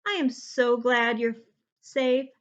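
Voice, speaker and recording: A caring mother toad, gushing and heartfelt as she speaks, in a woman's storybook voice. She speaks slowly, and the recording sounds a little dull and lo-fi. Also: a little high, pitched above the performer's own voice. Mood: relieved.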